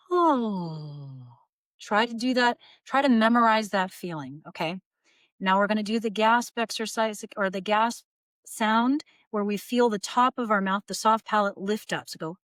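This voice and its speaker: A woman voice coach, seated in her small studio, calmly guiding listeners through breathing and projection exercises. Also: medium pitch, no room sound. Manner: calm, guiding, breaks into vocal demonstrations. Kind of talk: instructional voice lesson. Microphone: seated at camera.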